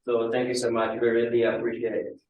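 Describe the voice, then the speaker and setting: A man's voice: medium pitch, monotone, a little fast, narrow, tinny audio. Echoey, distant Malagasy student man. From Madagascar. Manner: polite, hesitant, fillers. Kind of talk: asking a question at a Q&A. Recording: far from mic in a very echoey room.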